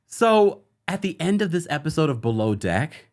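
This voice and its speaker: A man hosting a casual live-stream recap of reality TV, chatty and animated, quoting the people he talks about. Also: on the high side, normal speed. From United States. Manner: animated, chatty, with laughs and quoted asides. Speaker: host.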